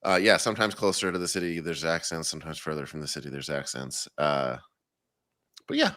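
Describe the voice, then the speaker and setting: A man from the Boston area co-hosting a soccer podcast, with a very low voice that still has a bright, forward edge. His humor is dry and wry, and he stops and restarts his sentences as he goes. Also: steady tone, fairly quick. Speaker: podcast co-host. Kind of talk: casual postgame chat.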